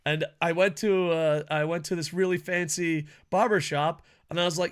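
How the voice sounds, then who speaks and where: A man co-hosting a podcast in casual chat, loud and laughing, swearing through fast banter. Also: a little high, fairly even intonation, smooth. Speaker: podcast co-host.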